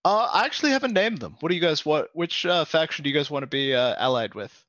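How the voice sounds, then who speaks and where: A man's voice: fairly high pitch, animated, fast talker, fairly bright tone, no room sound, muffled recording. A man narrating a tabletop game as game master, hesitant, with many fillers.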